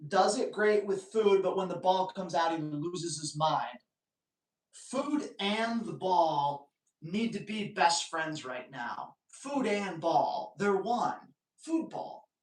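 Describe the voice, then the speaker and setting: A man's voice: high-pitched, expressive, slow. A man hosting a live dog training Q&A, giving blunt, emphatic advice in short, punchy commands. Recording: roomy, distant from the mic.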